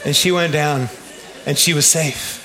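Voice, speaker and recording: A man preaching a sermon, telling stories in an animated way with laughs and shouts. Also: fairly high pitch, unhurried, some chatter behind. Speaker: pastor.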